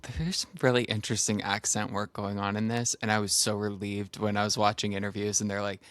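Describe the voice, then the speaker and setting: A man's voice: lowish voice, flat delivery, fairly quick, hardly any pauses, fairly bright tone, no echo. A man co-hosting a film podcast, talking casually and enthusiastically about a movie. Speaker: podcast co-host.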